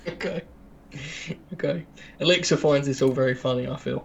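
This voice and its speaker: Brief: wry male co-host with a gravelly voice, cracking dry jokes to the audience. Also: mid-range voice, fairly even intonation, normal speed, a little hiss or hum. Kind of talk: casual chat while playing a game.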